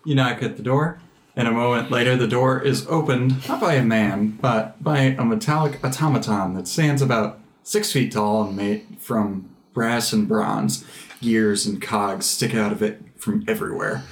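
A man narrating a tabletop game as game master in a measured, descriptive way. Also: medium pitch.

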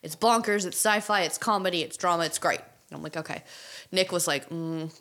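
A woman's voice: fairly low pitch, quick pace. Woman telling a story casually. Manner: animated storyteller, quotes friends, swears. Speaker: podcast co-host.

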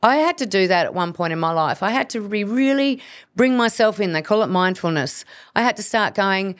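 Woman host, earnest health-coach delivery, mid pitch, dry booth sound. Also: lively intonation, fairly quick, dry recording. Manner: earnest, coaching, acts out inner voices. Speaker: podcast host, hormone practitioner. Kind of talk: solo educational podcast talk.

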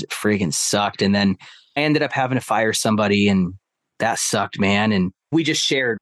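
A man on a podcast, telling a family story in a casual, animated way and acting out the quotes. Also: mid-range voice, dry recording, studio quality. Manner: animated, acts out quotes of his stepson. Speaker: podcast guest.

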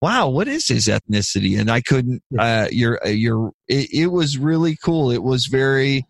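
A man's voice: medium pitch, sing-song, normal speed, gravelly, no echo, studio quality. A man co-hosting a podcast who gives enthusiastic feedback and laughs easily as he talks. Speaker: podcast co-host giving feedback. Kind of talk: casual chat.

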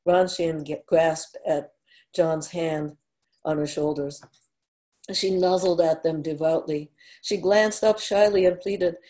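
A woman narrates a story in a measured, unhurried way. Her voice is fairly low and mellow, with a calm, even delivery. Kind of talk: story reading.

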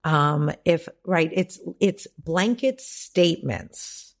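A woman's voice: low-pitched, animated, slow pace, creaky. A woman life coach on a podcast, talking emphatically and profanely, acting out the voices in people's heads. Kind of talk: podcast conversation.

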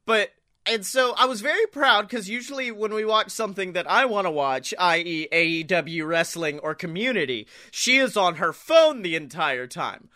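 A young man co-hosting a comedy podcast, telling animated stories in casual chat and swearing freely. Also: high voice, normal speed, no room sound, studio quality. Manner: animated storyteller, swears freely, acts out quotes. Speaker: podcast co-host.

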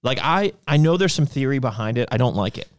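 A man's voice: mid-range voice, lively intonation, quick pace, no room sound, studio quality. A man co-hosting a casual livestream chat, rambling and correcting himself as he goes. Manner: rambling, loose, self-correcting. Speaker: podcast co-host and supplement brand owner.

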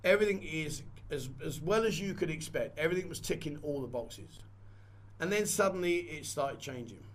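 A man's voice: a little high, animated, moderate pace. A man vlogging a candid personal story in a rambling, conversational way and repeating phrases. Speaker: vlogger and photographer.

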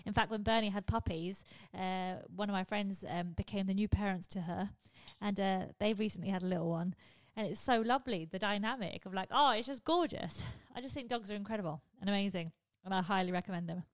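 A woman's voice: medium pitch, a little fast, hardly any pauses, no echo. A woman hosting a podcast, chatting in a candid, rambling way and swearing offhandedly. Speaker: podcast host. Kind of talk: casual podcast chat.

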